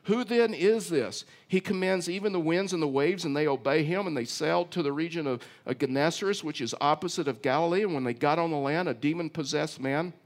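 Conversational preacher, man, slightly high voice. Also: fairly quick, few pauses. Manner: conversational preaching, repeats words, asks the listeners questions. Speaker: pastor. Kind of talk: sermon.

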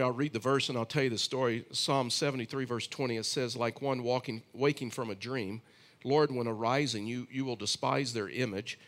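A middle-aged male pastor preaching a sermon. He tells stories in an easygoing, conversational way, full of restarts and side remarks. His pitch sits in the middle of the male range. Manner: conversational storytelling with frequent restarts and asides. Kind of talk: sermon with personal story.

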